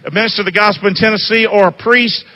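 A man's voice: sits high, steady tone, quick pace, bright, forceful tone, in a large hall. A man preaching a sermon, reading aloud and firing call-and-response questions at his listeners with emphatic energy.

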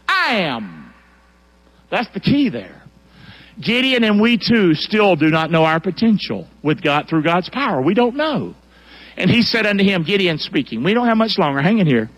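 A fiery male pastor preaching to his congregation in church, his fairly high voice leaping up and down with energy. He talks in plain, colloquial language and pulls the crowd into call-and-response. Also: sing-song, normal speed, fairly bright tone. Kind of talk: sermon.

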